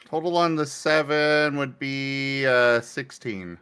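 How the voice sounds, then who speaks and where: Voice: mid-range voice, slow, fairly bright tone, clear, resonant tone. A player describing their character's actions in a tabletop role-playing game.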